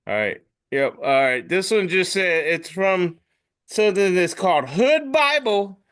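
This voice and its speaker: A man hosts a casual podcast, reading out memes with lots of animation. His voice is bright and clear. He swings widely in pitch as he jumps into squeaky voices for the captions. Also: very animated, measured pace. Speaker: podcast host. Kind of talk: casual chat describing memes aloud.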